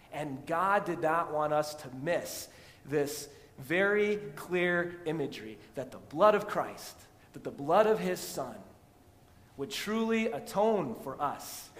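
A man preaching a sermon as pastor, moving from loud emphatic passages to quiet storytelling. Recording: long hall reverb with faint rumble.

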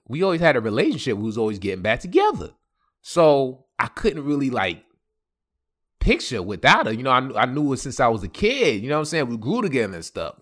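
Animated slang-heavy young man storyteller. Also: mid-range voice, moderate pace. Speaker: podcast host. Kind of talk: casual storytelling.

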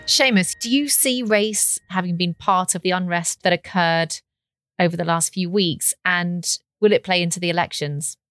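A female podcast co-host puts a question to her guest in a direct, composed manner. Her voice sits a bit low for a woman. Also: normal speed, a bit bright, no room sound, soft background music. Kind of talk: interview questions.

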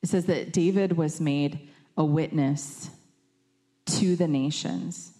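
A woman preaches in a low, mellow voice. Her talk is conversational and full of fillers, and she acts out quoted lines with lively shifts in voice. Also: takes it slowly. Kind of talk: sermon.

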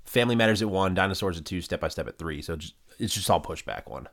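Deep-voiced fast-talking man. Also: animated, creaky, fairly bright tone. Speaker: podcast co-host. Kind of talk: casual chat.

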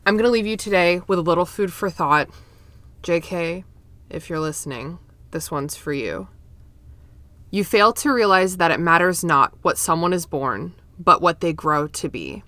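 Casting: woman podcast host, lowish voice, casual and profane, laughs easily; dry close mic. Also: lively intonation, sharp tone, no echo. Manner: casual, swearing, quick to laugh.

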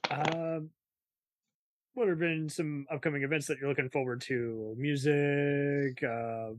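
A man's voice: fairly high pitch, steady tone, unhurried, no room sound. A man hosting a casual chat, joking around and throwing out ideas to his guests. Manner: joking, suggests ideas, laughs often. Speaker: podcast host.

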